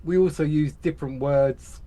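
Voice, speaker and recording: A man's voice: a little high, steady tone, normal speed, mellow. A British man co-hosting a reaction video, jokey and rambling with restarts. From Britain. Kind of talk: casual reaction chat.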